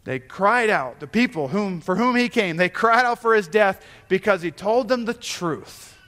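A male pastor preaching a sermon in a church, earnest, pausing and restarting as he builds to emphatic calls. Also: high-pitched, expressive, fairly bright tone, long reverb tail. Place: church sanctuary.

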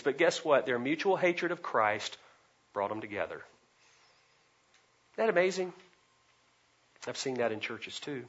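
Bright-voiced preacher with dynamic delivery. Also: male voice, medium pitch, very animated, a little slow, long pauses, breathy edge, muffled recording. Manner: dynamic, swings between loud emphasis and quiet asides. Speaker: pastor. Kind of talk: expository sermon.

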